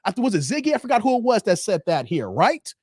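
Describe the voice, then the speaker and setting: Male streamer, high voice, dry close mic. Heated, profane lecturing commentary. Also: very animated, fast, breathy edge, dry recording. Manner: repeats the filler "here", swings between loud and quiet. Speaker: channel host reacting to a livestream.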